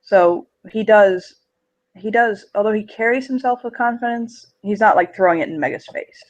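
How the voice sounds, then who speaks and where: A game master narrating a tabletop game, giving halting, filler-heavy descriptions of scenes and characters. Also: medium pitch, dull audio.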